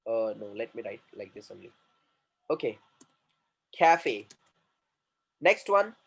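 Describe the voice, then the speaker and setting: A man's voice: fairly low pitch, very animated, moderate pace, creaky, a bit bright, slightly rough, low-quality recording. A man with an Indian English accent teaching a class, repeating words and asking the students questions as he writes on the board. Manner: repetitive, drilling, asks class questions. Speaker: communication trainer.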